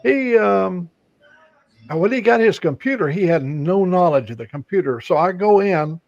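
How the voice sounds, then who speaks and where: A man's voice: high voice, lively intonation, moderate pace, creaky, a little mellow, no echo. An older man chatting casually as co-host, telling stories with many fillers and restarts. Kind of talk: casual chat. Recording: dull lo-fi sound.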